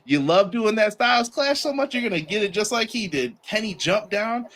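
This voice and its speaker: A man hosting a podcast, reviewing a wrestling show in a casual chat and acting out the wrestlers in quick put-on voices. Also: high-pitched, expressive, a bit bright, a little hiss or hum. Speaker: podcast host.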